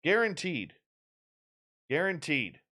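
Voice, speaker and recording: A male radio show host in loose, casual chat. He teases and jokes. His voice rises and falls with a lively, swinging intonation. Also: on the high side, slow. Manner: joking, teasing, animated.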